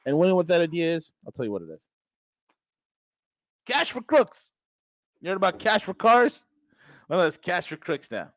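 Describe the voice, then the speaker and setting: A man's voice: on the high side, sing-song, brisk, dry recording, poor audio. A man hosting a podcast, delivering a sarcastic, mocking political monologue with emphatic bursts. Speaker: podcast host.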